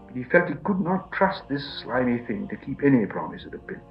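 Expressive male storybook narrator. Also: mid-range voice, a little fast, highs cut off, faint music behind. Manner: expressive, with many character voices. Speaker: audiobook narrator.

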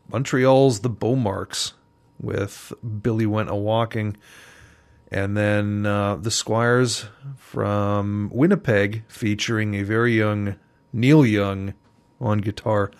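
A man hosting a community radio music show, casually back-announcing tracks in a relaxed, rambling way with many ums. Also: on the low side.

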